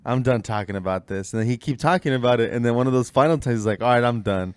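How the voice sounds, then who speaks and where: A man, a comedy podcast co-host, chatting casually in a relaxed, slangy way with frequent fillers. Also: medium pitch, fast talker, clean tone, dry recording. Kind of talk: casual chat.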